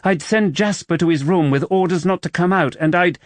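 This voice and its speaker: A woman's voice: fairly low pitch, fairly quick, no echo, pitched above the performer's own voice, natural voice. A man voicing a proud, wary young widow who works as a paid companion, speaking tensely and defensively in an audiobook.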